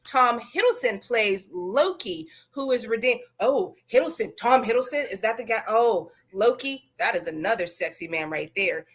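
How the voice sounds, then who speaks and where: Brief: woman co-host, slightly high voice, chatty, gushing, rambling asides. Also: lively intonation, moderate pace, few pauses, husky. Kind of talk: casual live-stream chat.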